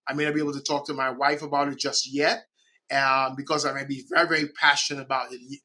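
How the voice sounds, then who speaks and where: A middle-aged man from the Caribbean, a podcast guest speaking in an animated way and often checking in with "right?". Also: medium pitch, fast talker. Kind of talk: conversational interview.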